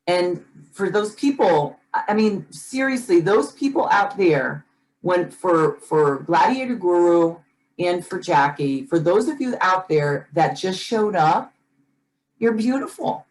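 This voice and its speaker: Her voice is on the low side, expressive, unhurried, and a bit mellow, heard through a low-quality recording. She's a woman co-hosting a podcast in casual conversation, speaking earnestly and passionately and often repeating words or starting over as she gets worked up.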